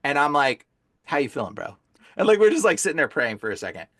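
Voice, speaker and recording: Male guest, high bright voice, storytelling casually, peppers speech with "bro". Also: fast talker, no room sound, clean studio sound. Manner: animated, fillers like "like" and "bro". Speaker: guest, deliverance minister.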